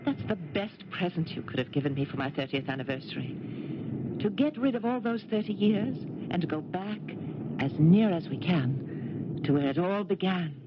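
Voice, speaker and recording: An actress as a playful French wife. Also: female voice, fairly low pitch, lively intonation, moderate pace, natural voice. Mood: teasing. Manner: teasing, affectionate. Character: French former resistance fighter wife, playful, older. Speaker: lead actress. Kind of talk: 1970s radio drama acting. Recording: lo-fi noisy 1970s radio broadcast.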